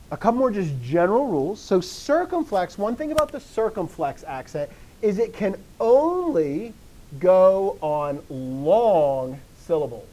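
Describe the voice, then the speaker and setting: A Greek teacher lectures a classroom full of students, encouraging them, quizzing them often and repeating key phrases. The voice is mid-range and warm. The recording is low quality.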